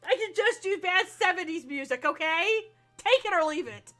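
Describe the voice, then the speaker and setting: A woman's voice: very high-pitched, lively intonation, moderate pace, sharp tone, faint music behind. A woman narrating as game master of a tabletop game, talking casually and swearing freely. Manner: casual and profane.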